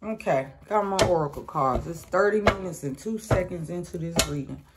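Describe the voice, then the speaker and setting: A woman gives a casual collective tarot reading, speaking bluntly with slang and profanity and calling her listeners sweetheart. Her voice sits on the low side at a normal speed, and the recording is very noisy.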